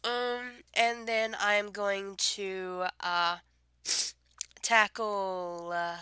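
A woman's voice: mid-range voice, little pitch movement, drawn-out words, sharp tone, smooth, no room sound. A woman with a subtle Southern accent, getting over a cold, chatting casually to camera in a meandering way with many fillers while reading out a word list at home. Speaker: vlogger.

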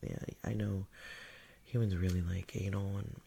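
A man voicing a dominant, mocking non-human male creature in a whispered role-play, talking in a breathy, taunting manner with frequent chuckles. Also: low-pitched, level tone, moderate pace, warm tone, full character voice.

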